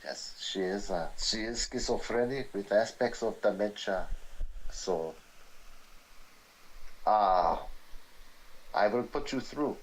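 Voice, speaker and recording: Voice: sits low, takes it slowly, pauses often, voice pushed down, low-quality recording. Someone doing a guarded doctor with a put-on accent. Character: doctor running a care facility, formal and cautious. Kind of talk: horror tabletop role-play.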